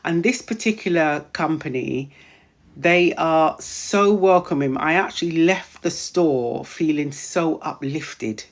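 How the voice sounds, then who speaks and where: This woman, a menopause wellness practitioner hosting a live stream, talks slowly in a low voice that's growing hoarse. She chats casually, greets viewers by name, and repeats herself.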